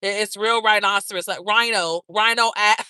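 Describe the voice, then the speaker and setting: A woman's voice: medium pitch, steady tone, normal speed, pushed and bright, smooth, dry recording. A woman hosting a live stream, chatting casually with viewers in a brash, profane, gossipy way and calling them girl, baby and honey.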